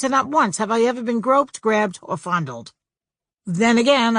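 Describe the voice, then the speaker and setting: A woman's voice: mid-range voice, fairly bright tone, dry recording, clean studio sound. A woman reading her own humorous book aloud as an audiobook, with a wry, sardonic delivery that lands each punchline.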